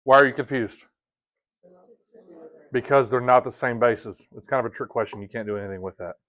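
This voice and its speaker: A male math teacher running a classroom lesson at a middle pitch. He keeps it casual and joking and keeps asking the class questions. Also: fairly quick, fairly bright tone.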